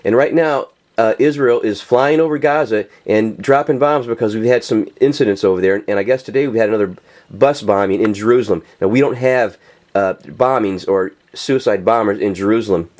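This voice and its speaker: A man's voice: lowish voice, brisk, darkish tone. A man ranting in a casual, profane monologue, full of fillers and restarts, addressing viewers directly. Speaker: political video commentator.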